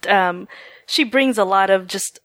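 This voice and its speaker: A woman's voice: mid-range voice, unhurried, a bit bright, no room sound. A woman co-hosting a podcast, musing on a TV episode with lots of "you know" and "um". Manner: thoughtful, hedging with fillers like "you know" and "um". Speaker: podcast co-host. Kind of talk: casual TV recap chat.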